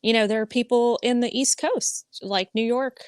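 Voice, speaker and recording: A woman from the United States joining a casual chat, relaxed and conversational, telling personal stories. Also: fairly high pitch, normal speed, smooth, no room sound.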